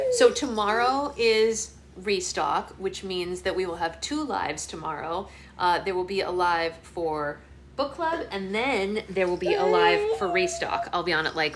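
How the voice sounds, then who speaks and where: A woman hosting a book club live stream, chatting with her toddler in sing-song, animated baby talk. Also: fairly low pitch, background noise.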